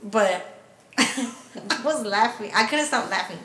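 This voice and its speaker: A woman tells a story in casual talk, swearing often and laughing as she goes, with Spanish phrases mixed in. Her voice is bright and a little high, and it rings out in an echoey room. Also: lively intonation, slow. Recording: roomy echo.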